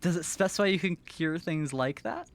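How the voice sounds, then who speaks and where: A man narrating as game master of a tabletop game, casual and animated with frequent fillers. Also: fairly high pitch, normal speed.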